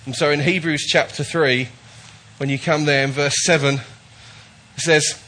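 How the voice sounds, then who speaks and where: A man preaches to his congregation in an emphatic, repetitive way, circling back over his points and stumbling into restarts. His voice sits somewhat high for a man. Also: steady tone, normal speed, pushed and bright. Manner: emphatic, repetitive, with false starts. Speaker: pastor. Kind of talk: sermon.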